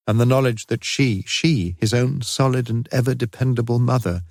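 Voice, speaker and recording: A man narrating an audiobook in a steady, unhurried reading voice. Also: lowish voice, no echo, studio quality. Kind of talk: scripted narration.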